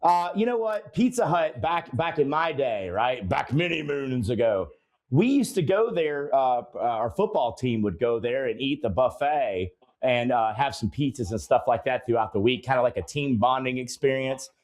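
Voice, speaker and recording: Casting: male talk-show co-host, mid-range voice, lively mock-shocked delivery, easy chuckles. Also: medium pitch, moderate pace. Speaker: podcast co-host. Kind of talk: casual chat.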